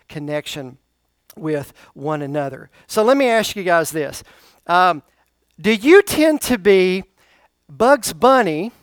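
Male pastor, high clear tenor, dry close sound, call-and-response sermon. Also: no room sound. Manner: call-and-response preaching, questions to the congregation. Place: church service.

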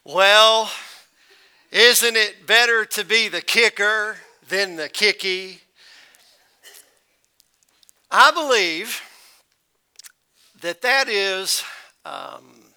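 Male pastor, folksy sermon storyteller, high clear voice. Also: bright, forceful tone.

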